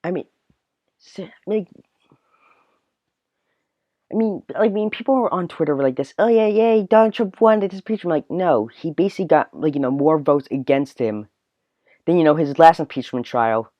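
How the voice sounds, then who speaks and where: A man's voice: a little high, normal speed, long pauses, no room sound. A man hosting a solo podcast, ranting in a rambling way full of filler words. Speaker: podcast host. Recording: dull, dry, lo-fi recording.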